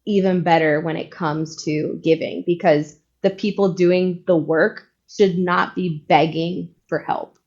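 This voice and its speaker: A woman's voice: on the low side, fairly even intonation, unhurried, hardly any pauses, darkish tone. A woman from Puerto Rico, a guest on an interview show, speaking earnestly and with conviction in casual chat. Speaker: guest, credit union foundation leader. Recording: dull lo-fi sound.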